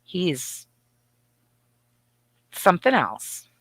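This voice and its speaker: A middle-aged woman co-hosting a live chat show, telling animated, profane stories with voiced asides. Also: fairly low pitch, drawn-out words, husky, dry recording. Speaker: podcast co-host. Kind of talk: casual chat.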